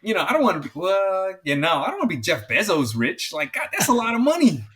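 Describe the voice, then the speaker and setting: A man co-hosting a podcast in casual chat, excitable and swearing freely, often getting loud. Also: high-pitched, quick pace. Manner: excitable, swears a lot, gets loud and animated. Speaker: podcast co-host.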